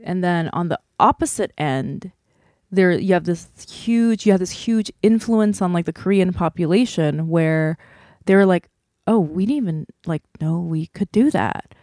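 A woman's voice: on the low side, a little slow, mellow, dry recording, clean studio sound. A woman hosting a podcast, talking earnestly and gushing, with a lot of "like" between words. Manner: earnest, gushing, heavy use of like. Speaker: podcast host. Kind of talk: casual podcast chat.

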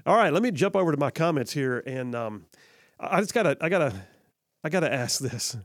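A male talk radio host speaks from a radio studio into a studio microphone, and the sound is dry with no echo. His voice is fairly high, animated and brisk. He delivers opinionated, sarcastic commentary in a conversational way, dropping in lots of "I mean" asides.

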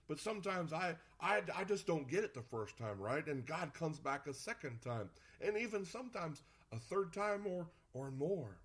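Conversational male pastor preaching. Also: fairly high pitch. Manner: conversational preaching with playful asides. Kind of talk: sermon.

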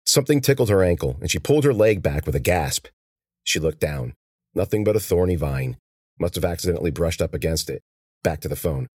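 Husky, low-pitched male audiobook narrator. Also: expressive, brisk, darkish tone, no room sound, studio quality. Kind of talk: scripted narration.

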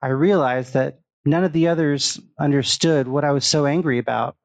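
Gravelly man reading a horror story. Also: a little high, moderate pace, no echo. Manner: steady first-person storytelling. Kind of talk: scripted horror narration.

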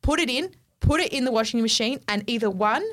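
A young woman, co-hosting a podcast and telling a story in a casual, animated, exasperated way, swearing freely. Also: a little high, fairly quick. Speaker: podcast co-host.

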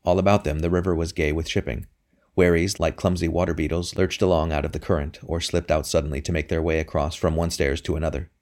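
A man narrating a historical novel in a steady, measured reading. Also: rumbling low. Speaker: audiobook narrator. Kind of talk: scripted narration.

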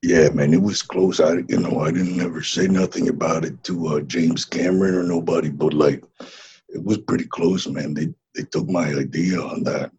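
A man's voice: deep voice, steady tone, normal speed, creaky, a little mellow, slightly rough, highs cut off, full character voice. A man playing a laid-back Mexican ex-wrestler who hatched from an egg, drawling and saying "man" constantly in a comedy interview. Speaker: interview guest.

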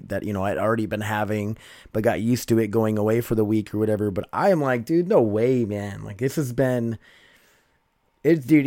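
A man's voice: mid-range voice, darkish tone, no echo, clean studio sound. A man hosting a casual late-night podcast monologue, rambling loosely and calling out to his listeners as he goes. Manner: rambling, loose, keeps saying "you guys" and "dude". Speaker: podcast host.

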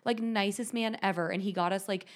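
A woman in her thirties co-hosting a podcast, telling a story animatedly with lots of "like" fillers. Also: mid-range voice. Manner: animated, quick, many "like" fillers. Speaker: podcast co-host. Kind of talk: casual storytelling chat.

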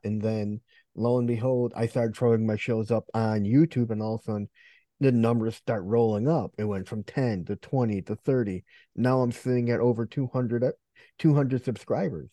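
A man hosts a podcast interview, asking short questions in a relaxed way. His voice is dark and mellow at a middle pitch. The sound is dry and close to the mic. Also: moderate pace, dry recording. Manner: relaxed, brief prompting questions. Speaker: podcast host. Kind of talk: casual interview conversation.

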